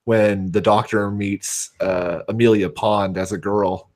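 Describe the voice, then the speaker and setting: A man's voice: fairly low pitch, steady tone, slow pace, a little mellow. A man with a West Coast American accent chatting on a livestream, hesitant and full of fillers. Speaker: stream guest. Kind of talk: casual livestream chat.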